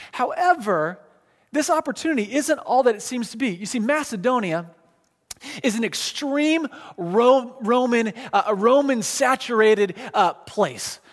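A man preaching a sermon in a casual, conversational way, pointing things out on a map with plenty of fillers and restarts. His voice sits high for a man. The sound carries a long reverb, as in a big church hall. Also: fairly bright tone. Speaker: pastor.

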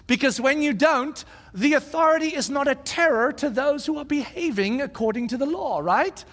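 A man in his forties, a pastor, preaching a sermon with animated storytelling. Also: very high-pitched, moderate pace. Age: 40s. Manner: animated storytelling, acts out shouted quotes. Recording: long hall reverb.

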